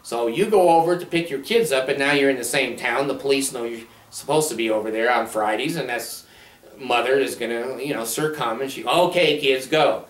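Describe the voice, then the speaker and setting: A man's voice: mid-range voice, fairly quick. A man counselor talking to camera in a casual monologue, blunt, sardonic and rambling. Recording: roomy sound from a distant mic.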